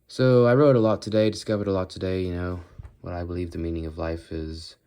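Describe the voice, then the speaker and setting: A man's voice: deep voice, little pitch movement, brisk, mellow, clear, resonant tone. A teenage boy in a casual walk-and-talk vlog, rambling and thinking aloud as he walks, often breaking off mid-thought. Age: teens. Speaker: vlogger. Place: walking, talking on the move.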